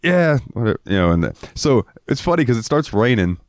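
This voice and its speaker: Man, very low voice, from Florida, casual profane storyteller, podcast co-host, dry sound. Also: very animated, a little fast, a little mellow, no echo. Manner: profane, rambling, acts out quotes in raised voices.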